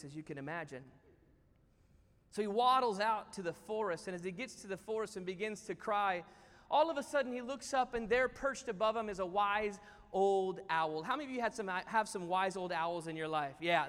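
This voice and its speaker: A pastor preaching a sermon in a church, telling a story in an animated way with playful asides. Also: male voice, sits high. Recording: church hall reverb.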